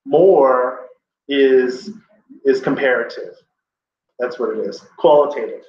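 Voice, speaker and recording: A man's voice: mid-range voice, slow pace, a little mellow, a little hiss or hum. A man teaching a grammar class, emphatic and opinionated, explaining with examples. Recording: echoey room from far off, dull.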